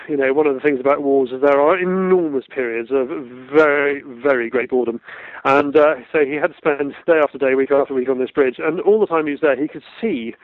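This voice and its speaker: A man's voice: on the high side, no room sound. A British man telling field sports anecdotes in a chatty interview, laughing often and repeating words as he goes. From Britain. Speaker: guest, field sports broadcaster. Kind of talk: conversational storytelling. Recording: tinny phone-like line, dry.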